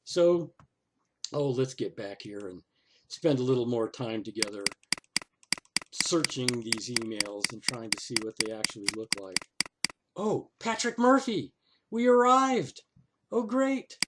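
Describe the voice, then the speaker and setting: Guy talking slowly through a screen recording, lots of oh and okay, dry sarcasm. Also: medium pitch, animated, background noise. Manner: sarcastic, exasperated; thinks aloud, with frequent "oh" and "okay". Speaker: local resident complaining to city council.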